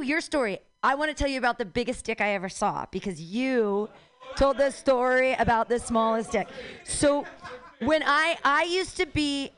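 A woman in her thirties hosting a live radio show, telling a rambling, animated, self-deprecating story. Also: medium pitch. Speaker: show host.

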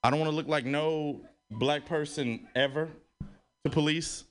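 A man on stage doing stand-up in a radio studio. His voice sits a little high and jumps even higher when he gets worked up. He swears freely and talks in an animated way. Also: measured pace, clean tone, soft background music. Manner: animated, swearing, rising to a high-pitched exclaim. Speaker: stand-up comedian. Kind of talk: stand-up comedy set. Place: radio studio hosting a live comedy show.

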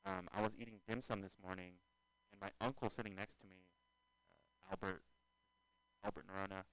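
A man's voice: low-pitched, fairly even intonation, moderate pace, fairly bright tone, clear, resonant tone, no room sound, poor audio. A man in loose, rambling casual chat, joking and drifting from topic to topic as a podcast co-host.

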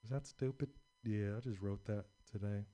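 A man's voice: fairly low pitch, moderate pace, mellow. A young adult man doing a stand-up set, rambling and crude with lots of filler words. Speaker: stand-up comedian.

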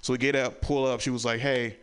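A man's voice: little pitch movement, brisk, smooth. A man performing a stand-up comedy set, telling stories and acting out the people in them. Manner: storytelling, acts out relatives with loud high voices.

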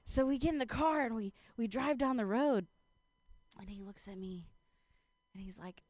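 A woman's voice: mid-range voice, moderate pace, long pauses, no room sound. A woman telling a rambling stand-up story, laughing often and filling her talk with "like". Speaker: stand-up comedian.

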